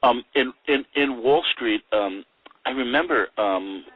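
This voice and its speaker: A man's voice: medium pitch, a little slow, breathy edge, phone-quality sound. An older man, a guest actor, telling chuckling anecdotes in a casual interview. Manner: chuckling storyteller with lively voices for quoted people.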